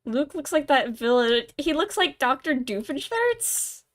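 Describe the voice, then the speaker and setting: A woman's voice: high-pitched, big pitch swings, a little slow. A young woman giving casual, rambling commentary while playing a game, laughing often. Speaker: game streamer. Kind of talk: casual let's-play commentary.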